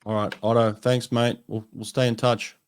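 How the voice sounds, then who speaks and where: A male podcast host in a relaxed interview chat, speaking at a middle pitch with a smooth, resonant voice. He is friendly and encouraging toward his guest, with frequent "mate"s. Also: moderate pace.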